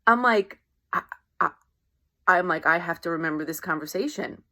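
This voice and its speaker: With a sharp-toned voice on the low side and a normal pace, a woman life coach chats through a motivational monologue. She performs quoted voices from daily exchanges and often asks "right?"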